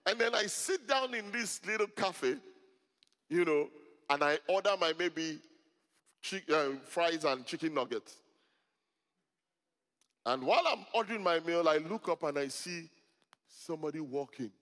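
Middle-aged male pastor, storytelling sermon with humor and loud peaks, reverberant church hall. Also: a little high, animated, unhurried, long pauses. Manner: storytelling, joking, rising to loud emphatic peaks. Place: church hall before a congregation.

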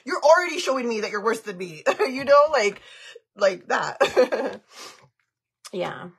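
A woman's voice: on the high side, very animated, takes it slowly, gravelly, husky. A woman in her thirties chatting candidly on a live stream while taking off her makeup, emotional and frank, dropping in Spanish slang. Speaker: vlogger doing a live stream. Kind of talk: casual chat while removing makeup.

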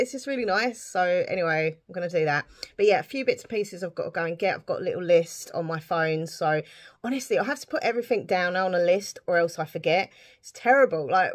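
A British woman talking to camera in a casual vlog, chatty and rambling with lots of fillers. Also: mid-range voice. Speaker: vlogger.

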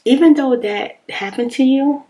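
A woman chatting casually on her vlog, expressive and informal, laughing often and slipping at times into a whisper. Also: sits high, unhurried. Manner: informal, animated storytelling. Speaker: ASMR vlogger. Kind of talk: casual rambling chat reading viewer comments.

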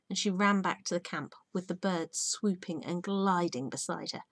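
A woman teacher reading a children's book aloud, soft and often hushed, at home. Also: lowish voice, moderate pace, hardly any pauses, no room sound.

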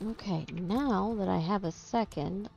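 A woman's voice: medium pitch, unhurried, vocal fry, a little mellow, dull audio, soft background music. A woman playing a video game on a stream, chatting casually with dry remarks. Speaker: co-player on a stream. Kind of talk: casual gaming chat.

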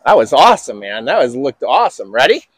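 A man's voice: medium pitch, very animated, fast, breathy edge, dry recording. A man coaching tennis on an outdoor court, upbeat and encouraging with enthusiastic praise.

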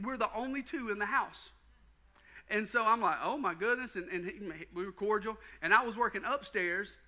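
A pastor preaching a sermon, telling a personal story with folksy asides to the congregation. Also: male voice, sits high, bright, forceful tone. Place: church sanctuary.

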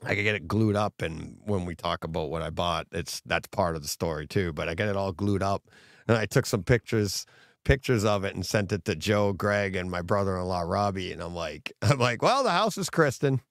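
A middle-aged man co-hosting a casual podcast, telling stories with animated quoted voices and laughter. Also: low voice, fairly quick, creaky, no room sound, studio quality. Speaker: co-host.

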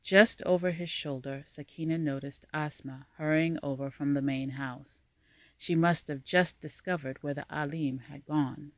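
A narrator reading a fantasy story aloud in a measured, even storytelling manner. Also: medium pitch, no room sound. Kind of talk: scripted audiobook narration.

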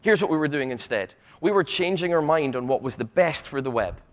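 A man with a Glaswegian accent giving a conference keynote. He is impassioned and sarcastic, swears freely, and stumbles into quick restarts. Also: on the high side, expressive. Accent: Scottish, Glaswegian. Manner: impassioned, stammering restarts, rapid asides. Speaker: keynote speaker. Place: university conference hall.

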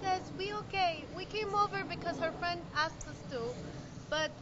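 An actress playing a pushy counselor who speaks broken English sprinkled with Spanish words. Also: female voice, very high voice, moderate pace. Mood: smug. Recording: lo-fi film audio with background noise.

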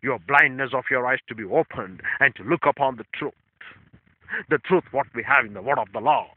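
A man preaches a sermon in English that is not his first language. He repeats his phrases and swings from loud stresses to quiet asides. The sound is thin and phone-like, with a dry room. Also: medium pitch, dry recording. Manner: non-native English phrasing. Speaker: pastor.

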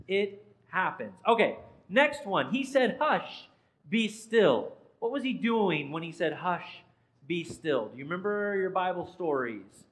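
A man's voice: high voice, very animated, measured pace, a bit bright, poor audio. A man, a pastor, giving an interactive sermon in a church and quizzing the congregation by name in a playful way. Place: church sanctuary.

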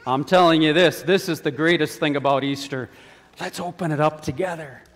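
A man's voice: fairly high pitch, brisk. A man, a pastor, giving a children's sermon in a church, playful and coaxing as he asks the kids questions. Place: church sanctuary. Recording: long church reverb.

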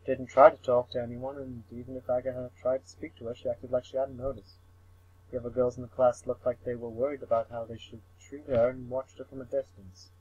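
A man's voice: medium pitch, flat delivery, fairly quick, darkish tone, husky, no echo. Young man, comic story read-through, stumbling, cursing asides, dull dry recording. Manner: mumbling and stumbling over words, with swearing asides. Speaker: reader of a visual novel.

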